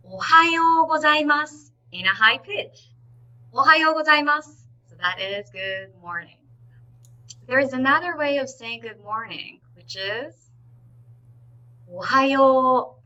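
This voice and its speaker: A woman teaching a live online language lesson, saying each word slowly and repeating it clearly, with frequent encouraging "okay"s. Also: a little high, pushed and bright, poor audio. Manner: instructive and encouraging, often says "okay".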